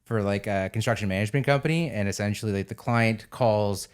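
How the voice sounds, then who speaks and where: A man's voice: lowish voice, fairly quick, clean tone. Joking, swearing male co-host. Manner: joking, swears freely, laughs while telling stories. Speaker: podcast co-host. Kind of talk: casual chat.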